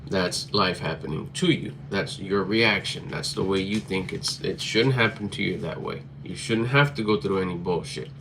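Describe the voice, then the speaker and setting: A man's voice: low-pitched, moderate pace, vocal fry, hardly any pauses, fairly bright tone, slight background noise. A man giving a motivational talk to camera in a blunt, emphatic way, swearing freely and hammering his points through repetition. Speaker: motivational vlogger.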